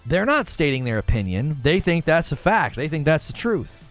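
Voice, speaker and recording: Lively, argumentative male gaming streamer. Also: on the high side, moderate pace, hardly any pauses, faint music behind. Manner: animated, argumentative, restarts mid-sentence. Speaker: gaming commentator and show host. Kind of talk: casual livestream talk, answering chat.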